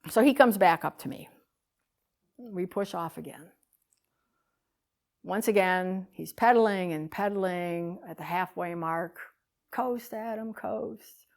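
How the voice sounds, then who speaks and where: A woman giving a talk, telling a story with animated swings between loud bursts and hushed lines. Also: on the low side, measured pace, pauses often. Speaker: speaker.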